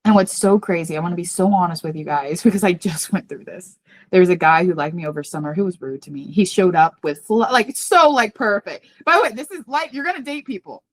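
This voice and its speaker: A woman guesting on a podcast as a psychic medium, telling a candid personal story in an earnest, confiding way and acting out the voices she quotes. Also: brisk. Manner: earnest and confiding, talks about herself by name; animated, jumps high when acting out quoted voices.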